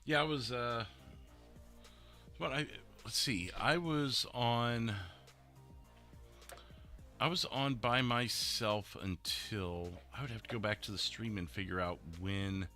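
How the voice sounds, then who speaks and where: A man's voice: medium pitch, slow pace, long pauses, bright, forceful tone. A man from the American Midwest with a Midwestern accent, chatting casually on a live stream, rambling and restarting with lots of fillers. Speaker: streamer and roleplay dispatcher. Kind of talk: casual chat. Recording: faint music behind.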